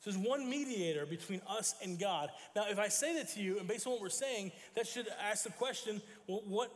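Animated and brisk, a high-pitched man preaches in a church sanctuary with a big-room sound. His sermon leans on storytelling, with acted-out quotes and moments where he corrects himself.

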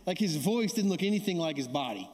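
High-voiced pastor in a reverberant church. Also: male voice, lively intonation, fast, darkish tone. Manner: conversational, keeps asking the audience "right?"; calls for audience response. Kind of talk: sermon with storytelling. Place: church sanctuary. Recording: long hall reverb.

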